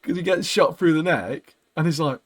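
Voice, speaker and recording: A man, co-hosting a podcast and casually recapping a TV episode in a chatty, animated way. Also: a little high, moderate pace. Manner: chatty and animated, often laughing, frequent "mate". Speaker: podcast co-host.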